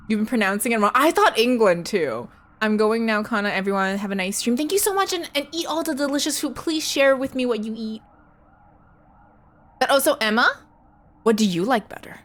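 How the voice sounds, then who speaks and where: A woman streamer chatting casually with her viewers while playing a game, giggly and excitable, squealing when she greets people. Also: fairly high pitch, brisk. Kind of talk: casual livestream chat with viewers.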